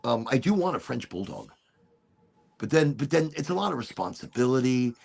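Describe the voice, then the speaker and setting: A man's voice: medium pitch, very animated, moderate pace, gravelly, a little mellow. A middle-aged man hosting a casual chat show, rambling freely with laughs and swearing. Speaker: podcast host.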